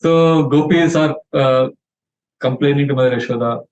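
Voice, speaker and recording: A man giving a scripture lecture as a spiritual teacher, narrating stories in an animated way and acting out the quotes. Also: mid-range voice, moderate pace. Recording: dull lo-fi sound.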